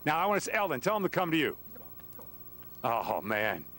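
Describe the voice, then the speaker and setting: A man anchoring a live TV sports segment outdoors, lively and joking with his guests. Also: a little high, normal speed.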